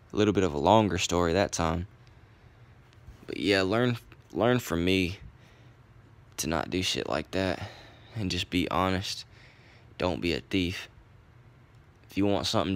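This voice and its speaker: A young man tells a long story in a rambling, easygoing voice. His voice is very low and deep, and he swears casually as he talks. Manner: profane, rambling, laid-back. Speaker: vlogger.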